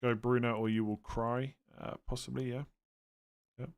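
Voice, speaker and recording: On a live stream, a man of medium pitch and clean tone answers his viewers' fantasy football questions. He talks casually and thinks through things aloud, using fillers and reaching quick verdicts in a relaxed way.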